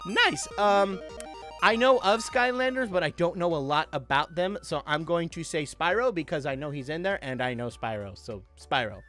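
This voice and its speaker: A man's voice: a little high, normal speed, bright, forceful tone, soft background music. A young man hosting a live stream, chatting casually and reading out viewer requests. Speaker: livestream host doing voice impressions.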